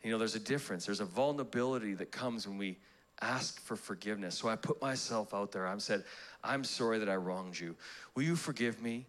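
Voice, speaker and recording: A man's voice: fairly low pitch, a little fast, fairly bright tone. A pastor preaching a sermon, telling a personal story in a conversational way, laughing at himself and restarting his sentences. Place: church auditorium.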